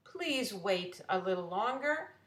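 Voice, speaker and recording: A woman's voice: medium pitch, expressive, slow pace, a bit bright. A woman reading an indignant young girl. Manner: pleading, indignant. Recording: roomy echo.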